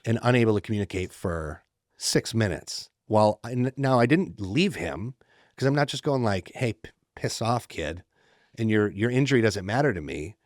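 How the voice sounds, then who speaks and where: Brief: middle-aged male podcast co-host, low voice, animated storyteller. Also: moderate pace, no room sound, studio quality. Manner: animated storyteller who acts out the quoted lines. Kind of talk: casual podcast chat.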